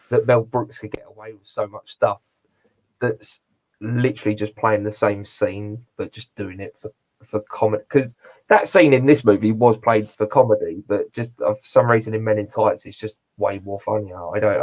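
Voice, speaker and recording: Rambling low-voiced man reviewing films. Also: moderate pace, poor audio. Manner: rambling, with many fillers and restarts. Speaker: podcast co-host. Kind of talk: casual movie review chat.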